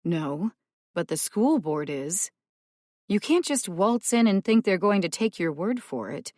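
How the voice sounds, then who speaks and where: A stern, practical woman who lays down the rules in a firm, lecturing tone, as a female audiobook narrator voices her. Her voice sits fairly low, and the recording is close and dry. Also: very animated, a little slow, a little mellow, no room sound. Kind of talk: audiobook character voice.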